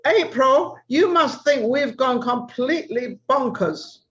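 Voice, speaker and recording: A woman's voice: high voice, lively intonation, takes it slowly, a bit bright. An older woman with an English accent hosting a talk show over a video call, chatty and teasing. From England. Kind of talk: casual interview chat. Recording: dull lo-fi audio.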